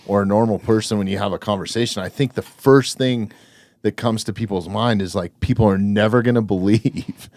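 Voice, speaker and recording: A man hosts a podcast, talking in a relaxed, reflective way and wandering through his thoughts with plenty of fillers. His voice sits low and is recorded close and dry. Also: a little fast, dry recording. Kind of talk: casual conversation.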